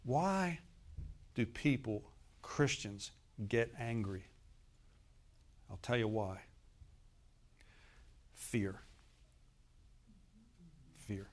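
A man, a pastor, preaching a sermon in a folksy way, speaking straight to the congregation and swinging from loud emphatic bursts to soft murmured asides. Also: mid-range voice, lively intonation, takes it slowly, pauses often.

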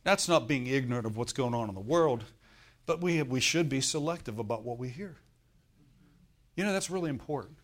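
A middle-aged pastor preaches in a relaxed, conversational manner and keeps turning to his listeners with questions. His voice sits in an ordinary middle pitch for a man. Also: fairly quick. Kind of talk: sermon.

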